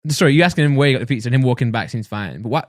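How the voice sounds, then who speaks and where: A young man co-hosts a podcast, talking fast at a medium pitch. His voice is close and dry, and he keeps jumping in to question and push back. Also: lively intonation, dry recording. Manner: reactive, interjecting, questioning. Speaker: podcast co-host. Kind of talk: casual chat.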